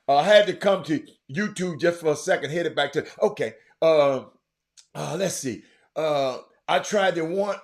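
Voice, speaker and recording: Man, livestream host, lively high voice, chatty, shouts out viewers. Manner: animated, shouts out viewers by name, drifts off-mic. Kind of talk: casual livestream chat, reading viewer comments.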